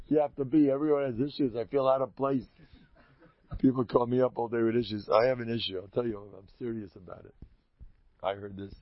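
A man telling stories in an animated, rambling way, chuckling and restarting his sentences often. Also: mid-range voice, no room sound. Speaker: Hasidic storyteller giving a talk. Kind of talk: informal storytelling talk. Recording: dull lo-fi dry recording.

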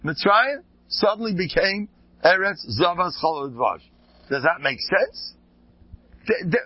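Older man, rebbe type, informal Torah talk. Animated and jokey, somewhat high-pitched voice, muffled mic. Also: a little slow, no echo. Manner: animated, joking, sprinkled with Hebrew and Yiddish terms. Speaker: rebbe teaching a Torah class.

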